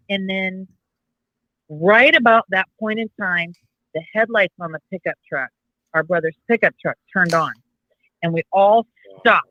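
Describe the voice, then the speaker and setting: A woman co-hosting a podcast speaks in a bright, forceful mid-range voice, a little slowly and with long pauses. The recording is muffled but has no echo. She rambles through a family story casually, often restarting and correcting herself.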